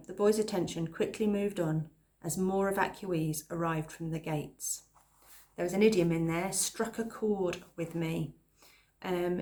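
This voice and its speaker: A woman reading a children's novel aloud at a calm pace, pausing now and then to explain a phrase. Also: medium pitch. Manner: calm, pauses to explain words. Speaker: reader.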